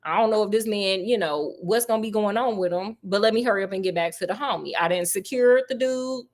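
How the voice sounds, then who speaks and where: A woman voicing a loyal, hurried doctor friend. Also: medium pitch, natural voice. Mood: worried. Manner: casual slangy hurried. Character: loyal, slightly hurt male doctor friend.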